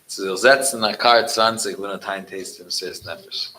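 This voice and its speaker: A man speaking as a rabbi at a gathering, telling a story and mixing Yiddish into his English, animated when he quotes. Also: fairly low pitch, normal speed, slight background noise, poor audio.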